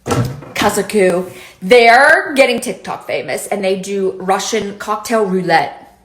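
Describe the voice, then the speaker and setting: Animated woman vlogger in an echoey room. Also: mid-range voice, slow, soft background music. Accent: Pittsburgh with a slight Southern touch. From Pittsburgh. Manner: animated, exasperated, comic. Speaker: lifestyle vlogger. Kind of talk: casual storytelling to camera.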